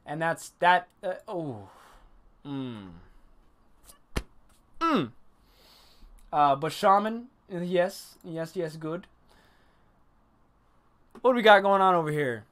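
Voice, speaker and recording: A man casually reviewing an anime episode on a livestream, animated and profane, stopping to greet and answer chat. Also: a little high, takes it slowly, pauses often.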